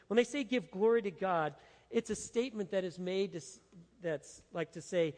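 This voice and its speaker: A man's voice: high-pitched, normal speed, darkish tone, big-room sound. A man preaching an expository sermon in an emphatic, dramatic way. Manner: emphatic, dramatic, acts out the quotes. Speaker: pastor.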